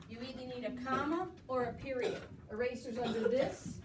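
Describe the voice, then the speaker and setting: A woman teaches a roomful of children, her voice high and encouraging. She is heard from across an echoey classroom. Noise runs under her voice throughout. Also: moderate pace, recorded from a distance. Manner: encouraging, praising students often. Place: school classroom. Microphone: recorded from across the room.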